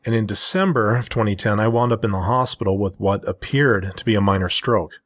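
Husky low-voiced man reading his story. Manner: measured, steady reading with a candid aside. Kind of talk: first-person story reading.

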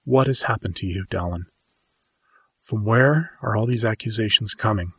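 A man voicing a calm, emotionless male martial arts master who speaks in a flat, measured way. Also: on the low side, husky, dry recording, studio quality.

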